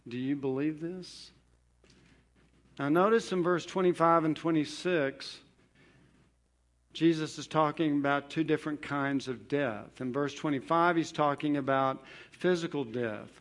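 Man, sermon, emphatic, rises and drops, slightly high pitch. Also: measured pace. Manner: emphatic, building to stressed promises then dropping low. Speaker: preacher.

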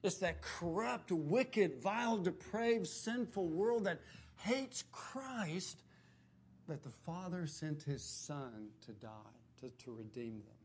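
A man preaching a sermon, emphatic, dropping his voice low and quiet on key words and often clearing his throat. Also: sing-song, slow.

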